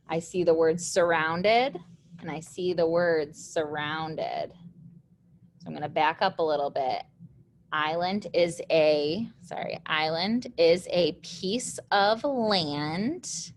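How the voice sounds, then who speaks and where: A woman's voice: on the low side, a little hiss or hum. A young woman, teaching a recorded lesson patiently, step by step.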